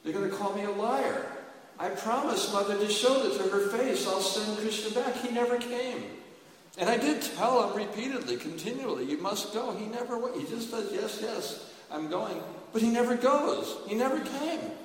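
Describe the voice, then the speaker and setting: A man putting on a grieving royal counselor, voice pushed up high and loud with distress and pleading. The words ring through a big echoey hall, caught from well back off the mic. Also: sing-song, normal speed, hardly any pauses, distant mic. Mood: distraught. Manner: raised, urgent pleading.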